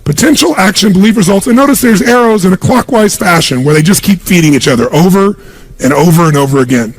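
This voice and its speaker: A man's voice: high-pitched, expressive, quick pace. A man giving a live motivational seminar speech, speaking emphatically and quizzing the crowd with call-and-response questions.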